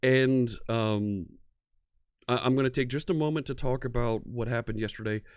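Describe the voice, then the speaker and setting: At a normal speed, his medium-pitched voice sounds clean with a darkish tone, captured dry in a clean studio. The man, an American from near Philadelphia, hosts a laid-back live-coding stream, greeting viewers, chatting, and laughing easily.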